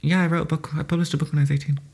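A man's voice: on the high side, level tone, racing, darkish tone, breathy edge. Giddy Irish man telling stories. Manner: giddy, laughing storyteller. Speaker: podcast co-host. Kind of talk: casual chat.

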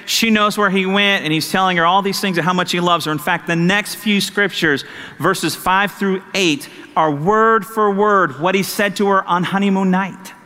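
A man preaching a sermon as pastor, animated and acting out conversations with his wife. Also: sits high, normal speed, big-room sound.

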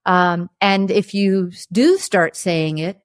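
A woman with a fairly low voice, speaking openly and with feeling as an interview guest. She recounts hard memories in a candid conversational way, breaking into laughter now and then. The sound is dry and close, with little room echo. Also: slow. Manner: frank and emotional, laughing through hard memories. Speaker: interview guest, television producer.

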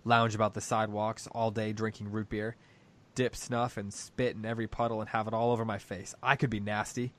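A proud older woman railing bitterly at heaven, read aloud by a man. The voice stays low-pitched and close to a plain reading voice, with only mild emphasis on her angry questions. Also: flat delivery, fairly quick, a bit bright, lightly acted. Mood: sarcastic.

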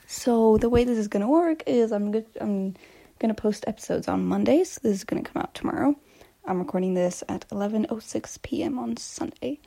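A woman's voice: on the high side, expressive, a little fast, creaky, mellow. A young woman hosting a casual solo podcast, chatting in a rambling way and sometimes dropping to a whisper, recorded on a phone voice memo. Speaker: podcast host.

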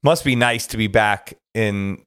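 A low-pitched man hosts a casual podcast interview, speaking in an easygoing, thoughtful way and backing up his guest. His voice sounds dry and close, with no room around it. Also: a little slow, fairly bright tone, smooth, dry recording. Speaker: podcast host.

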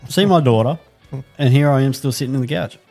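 A man's voice: mid-range voice, quick pace, a little mellow, faint music behind. A young Australian man co-hosting a podcast, chatting casually with lots of swearing and laughter. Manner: laid-back, swears a lot, laughs often. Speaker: podcast co-host. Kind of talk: casual chat.

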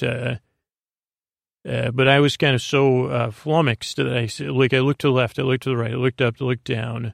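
A man meandering through an improvised bedtime story, halting and full of soft fillers. His voice is mid-pitched and gravelly with vocal fry. The sound is close and dry. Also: level tone, no echo. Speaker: host of a sleep story podcast.

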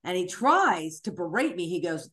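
A woman stand-up comic telling a personal story in a frank, animated way, swearing freely and acting out the voices of the people in it. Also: lowish voice, normal speed. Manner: animated, acts out voices and screams in the retelling. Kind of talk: storytelling interview.

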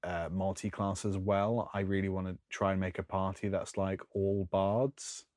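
A man's voice: sits low, little pitch movement, normal speed, darkish tone, no echo, studio quality. A man co-hosting a podcast, chatting casually and rambling through lists with plenty of ums and laughs. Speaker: podcast co-host. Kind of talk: casual chat.

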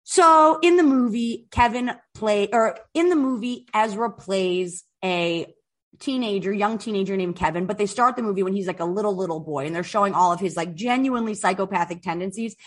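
A woman hosting a podcast in casual chat, telling stories in an animated way, with lots of "like" and swearing. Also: mid-range voice, brisk. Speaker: podcast host.

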